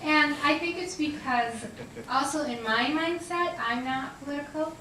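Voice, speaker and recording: A woman, an animal communicator, tells animated, laughing stories to an audience. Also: sits high, unhurried, a little hiss or hum. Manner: chatty, laughing, animated storyteller. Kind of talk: storytelling talk to an audience. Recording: distant, echoey room sound.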